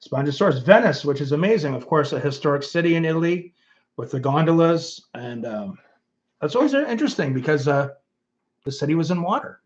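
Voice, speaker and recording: A man's voice: a little high, lively intonation, a little fast, muffled recording. A middle-aged man with a Canadian accent, hosting a casual livestream and reading viewers' comments aloud in a musing, rambling way full of fillers. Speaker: host of his own channel.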